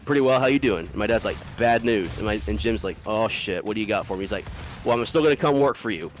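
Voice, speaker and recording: A man's voice: lowish voice, animated, fast, slight background noise. A man casually telling a long story to friends, rambling, swearing freely and often breaking into laughter.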